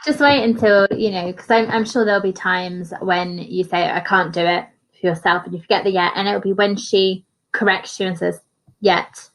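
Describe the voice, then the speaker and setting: A woman's voice: mid-range voice, steady tone, normal speed, rough recording. A woman hosting a coaching podcast, affirming her guest and thinking aloud in casual conversation.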